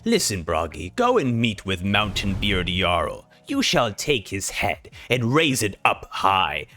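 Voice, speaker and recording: A man's voice: on the low side, wildly swooping pitch, slow pace, pushed and bright, faint music behind, pitched below the performer's own voice, exaggerated voice. A man doing a cold, scheming woman giving orders. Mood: commanding. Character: scheming woman commanding giants, cold and formal.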